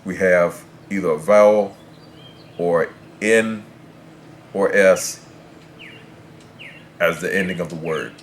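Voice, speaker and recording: A man's voice: sits low, fairly even intonation, slow pace, long pauses, slight background noise. A man teaching as a Spanish tutor, patiently explaining rules and spelling words out letter by letter.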